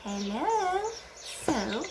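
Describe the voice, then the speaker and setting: Slow sing-song woman teaching small children. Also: fairly high pitch, sing-song. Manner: slow sing-song, mimics animal sounds. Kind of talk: children's English lesson with songs. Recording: loud background noise.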